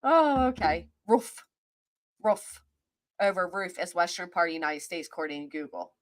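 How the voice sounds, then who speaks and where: A woman's voice: lowish voice, lively intonation, brisk, dry recording. Casting note: woman host with a Kentucky accent, casual livestream chatter, greets chat by name, close dry sound. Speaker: host of a live-stream chat show. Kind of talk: casual live-stream commentary.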